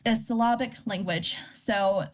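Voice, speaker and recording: A woman's voice: medium pitch, a little slow. A woman hosting a casual poetry workshop, explaining terms with many fillers and restarts and reading poems aloud. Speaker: workshop host teaching poetry. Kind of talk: informal live lesson.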